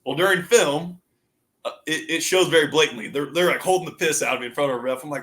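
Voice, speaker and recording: A man in his thirties, a former college football player, telling loose, profane, animated stories in a casual interview and laughing along. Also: fairly high pitch, quick pace.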